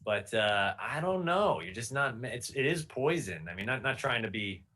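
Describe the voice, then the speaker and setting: A man's voice: medium pitch, very animated, normal speed, pushed and bright. A man chatting casually as a podcast guest, rambling with restarts and fillers. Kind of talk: casual chat. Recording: video call audio.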